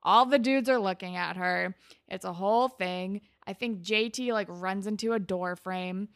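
A woman's voice: mid-range voice, moderate pace, clear, resonant tone, dry recording. Chatty young woman, dry close mic. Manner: chatty, sarcastic, lots of "like". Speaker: podcast co-host recapping a TV episode. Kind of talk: casual chat.

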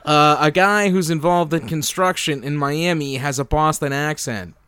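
A man chatting casually about a movie with friends, rambling with restarts and quick laughs. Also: a little high, sharp tone, clear, resonant tone. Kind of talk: casual movie review chat.

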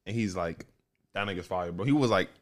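A man's voice: deep voice, a little fast. A young man in casual chat with friends, emphatic and slangy, tagging lines with bro.

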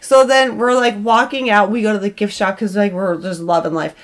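A woman in her thirties, a podcast co-host, telling a family story in a lively, laughing way. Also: brisk. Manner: animated, laughing, voice jumps high when excited. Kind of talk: casual storytelling chat.

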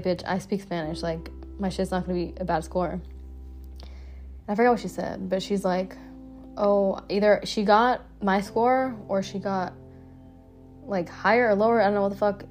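A woman's voice: medium pitch, a little mellow. A young adult woman hosting her own podcast, talking in a blunt, profane, chatty way with lots of "like" fillers. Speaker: podcast host. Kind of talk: casual solo podcast monologue.

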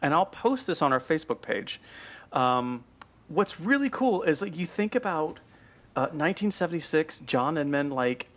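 A man co-hosting a podcast in casual chat, animated and chatty with lots of fillers and restarts. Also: a little high, normal speed. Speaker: podcast co-host. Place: at home with a dog nearby.

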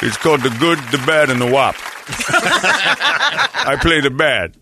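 A man doing an impression of a slow-witted tough-guy action star with a New York Philly accent, mumbling and repeating "you know". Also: fairly high pitch, wildly swooping pitch, crowd noise, background noise, full character voice. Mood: rambling.

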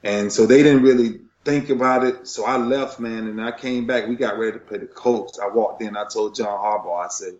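A man's voice: fairly low pitch, normal speed, hardly any pauses, a little mellow, echoey room, highs cut off. A middle-aged man, a retired football player, telling an emotional story in a passionate, preacher-like rhythm.

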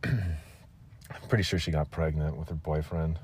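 A man's voice: very deep voice, fairly even intonation, measured pace, pauses often, a little mellow, breathy edge, dry recording. A man in his thirties hosting a solo podcast, telling a rambling, self-mocking story with casual swearing. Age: 30s. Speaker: podcast host.

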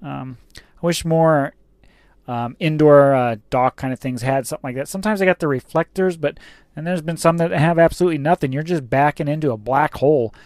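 A man's voice: fairly high pitch, a little fast, a little mellow, dry recording. A man who drives a truck, telling a rambling, casual story about his workday, with fillers and some swearing.

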